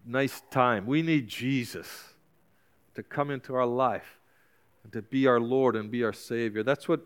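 A man's voice: mid-range voice, unhurried, smooth. A male pastor preaching a sermon with passion, urging and exhorting his congregation with repeated calls.

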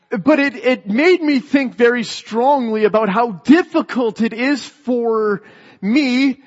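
In a church, a Canadian lay preacher delivers a sermon in storytelling fashion, often restarting phrases by repeating the first words. He speaks unhurriedly in a high voice with lively intonation, and the sound is a dull, echoey hall.

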